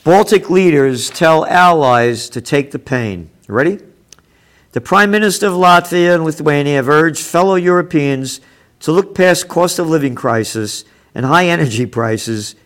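A man's voice: fairly high pitch, normal speed, fairly bright tone. A man hosting a show, reading news headlines aloud and commenting with sarcastic, profane asides that turn heated. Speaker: host.

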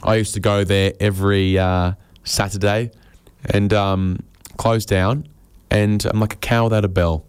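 Brief: dry-witted stand-up comic, low register, deadpan, recorded dry. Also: male voice, measured pace, clear, resonant tone, no room sound. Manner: deadpan, rambling, self-deprecating. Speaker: comedian. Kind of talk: stand-up comedy monologue on radio.

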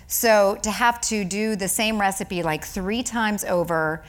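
A woman author chatting on stage in front of a live audience, animated and quick to laugh as she tells stories. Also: medium pitch. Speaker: cookbook author being interviewed. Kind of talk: casual onstage conversation.

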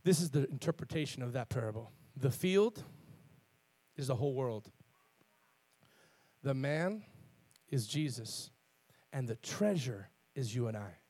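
A man preaching a sermon in a church, fervent and building to loud, emphatic call-outs, often repeating and restarting his words. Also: mid-range voice, animated, a little slow, pauses often, no room sound. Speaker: pastor. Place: church sanctuary with congregation.

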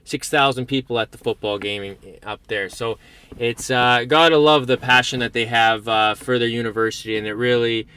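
A man's voice: medium pitch, fairly even intonation, moderate pace, pushed and bright, clean tone. A Canadian man chatting easily as a guest, often restarting his sentences. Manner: stammering restarts, easygoing. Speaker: guest, host's brother. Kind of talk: casual conversation.

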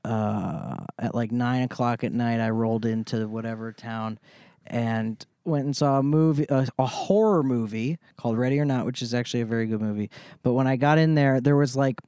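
A man's voice: medium pitch, normal speed, dark tone, clean tone, no echo, studio quality. A man co-hosting a casual podcast chat, telling a rambling story with laughs and crude language. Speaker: podcast co-host.

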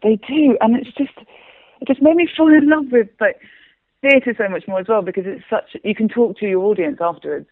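A woman playwright and performer being interviewed, talking in a rambling, animated way with frequent restarts and laughter. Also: a little high, a little fast, dry recording. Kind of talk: casual interview chat. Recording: tinny phone line, dry.

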